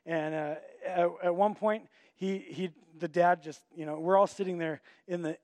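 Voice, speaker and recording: A man's voice: sits high, fairly even intonation, moderate pace, darkish tone, no room sound. A middle-aged man, a pastor, telling a personal story in a sermon, conversational with frequent restarts.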